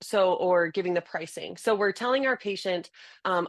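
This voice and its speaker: A woman guest on a podcast interview, explaining in an animated way and acting out examples. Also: mid-range voice, normal speed, no room sound. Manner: animated, demonstrates by acting out patient talks. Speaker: podcast guest, optical business founder.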